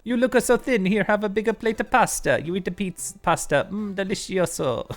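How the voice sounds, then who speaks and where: A man's voice: sits high, brisk, faint music behind, pitched above the performer's own voice, close to an everyday voice. A man doing a hammy mock-Italian villager. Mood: hospitable. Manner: hammy, sing-song, over-the-top. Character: jolly caricatured Italian villager, male, hospitable. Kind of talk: reading game dialogue aloud in voices.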